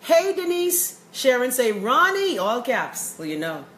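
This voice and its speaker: A woman's voice: high-pitched, big pitch swings, a little slow, fairly bright tone. A woman with a Bahamian accent hosting a live-stream, chatty and upbeat, greeting viewers by name as she reads their comments. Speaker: host of a live show. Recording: echoey room with faint noise.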